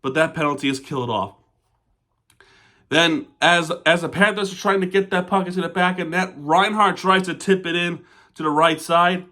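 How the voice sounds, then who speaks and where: A man talking through a hockey game as a loyal fan, in a casual recap that slides into furious, cursing rants. His voice sits a touch high and sounds bright and tense. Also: normal speed. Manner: frustrated, swears and rants at referees; fan of the team, says "we" and "our". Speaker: sports fan recap vlogger.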